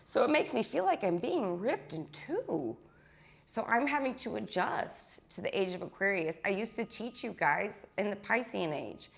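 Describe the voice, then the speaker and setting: A woman's voice: mid-range voice, lively intonation, moderate pace, vocal fry. A woman spiritual teacher giving an intense, blunt monologue to her followers, swearing freely and often tagging her points with a question.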